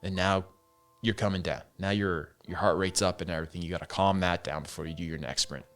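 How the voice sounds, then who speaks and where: A man with a lowish voice talks on his own, loose and candid, swearing now and then and calling the listener "man". Faint music plays under him. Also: fairly even intonation, brisk, fairly bright tone. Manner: candid, swears freely, says "man" and "dude". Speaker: podcast host. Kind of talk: casual solo monologue.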